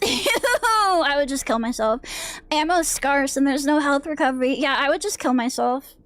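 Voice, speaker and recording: Streaming a horror game as a VTuber, this woman keeps up casual commentary, jumping at scares and cursing while bantering with chat. She sits high in pitch, sounds expressive, and speaks at a normal speed.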